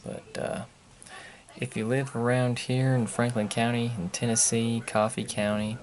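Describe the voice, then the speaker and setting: A man's voice: mid-range voice, flat delivery, a little slow, music in the background. A man chatting casually at home for his vlog, rambling and grumbling in an offhand way. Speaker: vlogger. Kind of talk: casual chat. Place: at home indoors.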